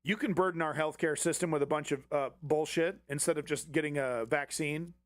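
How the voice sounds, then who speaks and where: A man's voice: fairly high pitch, brisk, no echo. A man hosting a political commentary stream, ranting with heavy swearing and sarcastic mockery. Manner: sarcastic, swears often, mocks opponents in put-on voices.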